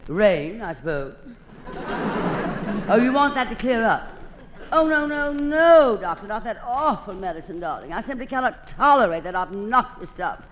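A woman's voice: mid-range voice, animated, normal speed, fairly bright tone, a little hiss or hum. A woman hosting an old-time radio comedy monologue, delivering it in a theatrical drawl and calling everyone darling.

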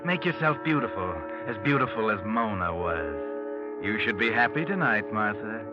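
An actor voicing a mocking inner voice, in 1940s radio acting. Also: male voice, lowish voice, sing-song, dull audio. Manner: mocking, slow. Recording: old radio recording with music.

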